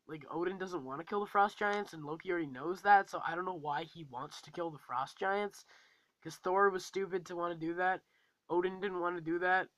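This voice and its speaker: A man's voice: sits high, fairly bright tone, dry recording, low-quality recording. A man giving a casual, rambling movie review, full of fillers and acting out lines from the film.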